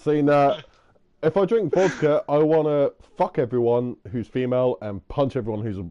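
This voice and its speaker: A man's voice: mid-range voice, fairly even intonation, moderate pace, warm tone, muffled recording. A young man co-hosting a podcast, trading cheeky banter and swearing in casual chat. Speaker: podcast co-host.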